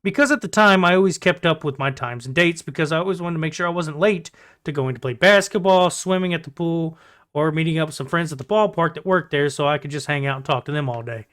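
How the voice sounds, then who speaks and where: Male vlogger, casual storyteller, high and bright, blunt and profane. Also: fast.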